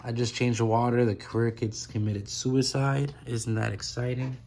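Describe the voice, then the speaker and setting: A man's voice: mid-range voice, flat delivery, moderate pace, darkish tone. A man vlogging from a room of reptile tanks, talking casually into a handheld phone and often correcting himself as he rambles. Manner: rambling, chatty, self-correcting. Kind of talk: casual walkthrough vlog.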